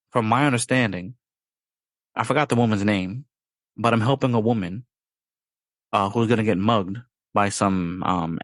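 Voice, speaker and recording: A man's voice: on the low side, dry recording. A man hosting a podcast in casual chat, rambling, with playful sound-effect words. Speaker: podcast host.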